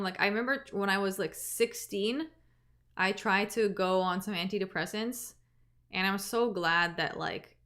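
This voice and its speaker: Chatting casually with her livestream viewers, a Canadian woman in her twenties speaks at a medium pitch with a slightly bright tone. Her sentences often trail away and start over.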